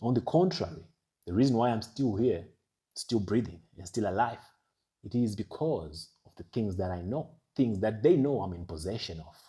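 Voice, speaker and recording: A man's voice: lowish voice, animated, normal speed, dark tone. A man delivering an ominous, emphatic monologue as an online commentator, building urgency through repeated rhetorical phrases. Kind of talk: dramatic monologue.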